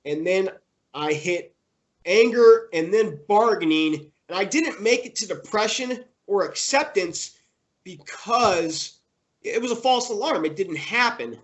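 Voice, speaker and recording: Halting young man recounting loss. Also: high voice, lively intonation, fairly bright tone. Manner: halting, many fillers and restarts. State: emotional. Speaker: interviewee. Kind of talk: personal storytelling in conversation.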